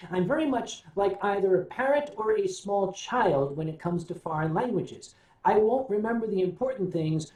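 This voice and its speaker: A man's voice: sits high, a little mellow. An older American man hosting a casual livestream. He tells rambling, wry stories, hums to himself between thoughts, and answers viewers' questions. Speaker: livestream host. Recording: roomy echo.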